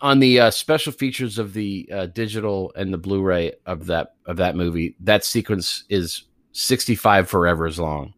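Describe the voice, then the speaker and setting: A man with a fairly low voice trades sarcastic, profane jabs about a movie in a relaxed chat. The sound is dry and close. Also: moderate pace, hardly any pauses, dry recording. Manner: wry, sarcastic, profane asides. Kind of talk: casual movie podcast chat.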